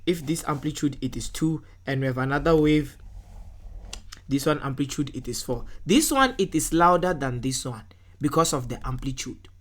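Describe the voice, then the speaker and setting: Low-voiced woman tutoring. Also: expressive, normal speed. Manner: checks in often with "right?"; talks through worked answers step by step. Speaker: physical science tutor. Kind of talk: explaining test answers.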